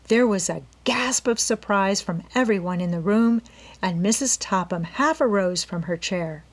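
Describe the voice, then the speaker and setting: A woman narrating a classic mystery novel as an audiobook reader, in an even storytelling manner. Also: medium pitch, normal speed. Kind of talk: scripted narration.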